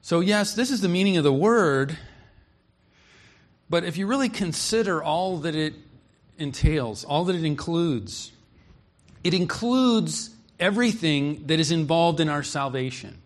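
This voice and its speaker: A man's voice: on the high side, animated, unhurried. A man preaching an expository sermon, earnest and emphatic, reading scripture aloud and explaining it.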